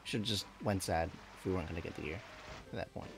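A man's voice: low voice, fast, vocal fry, faint music behind. A man giving casual, rambling commentary while he plays a game, often correcting himself and laughing at his own slips. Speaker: let's play gamer.

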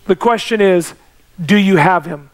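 A man preaching a sermon as pastor, telling stories and pressing each point with repetition. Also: a little slow. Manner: emphatic preaching with repetition and rising pitch.

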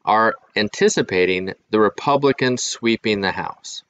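A man with a fairly low voice talks through his ideas as host of his own channel, often pausing and restarting mid-thought. The recording sounds muffled and lo-fi. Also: fairly bright tone, clean tone. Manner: musing, thinking aloud with restarts. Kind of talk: casual commentary to camera.

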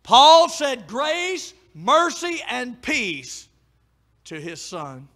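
High, bright-voiced preaching man. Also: sing-song, very slow. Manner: swings from hushed pleading to loud preaching. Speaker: pastor. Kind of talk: sermon.

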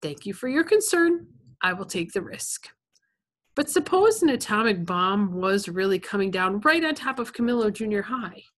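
A woman reading a novel aloud, voicing a stern, dry middle-aged teacher who speaks in a measured, firm and calm way. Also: medium pitch.

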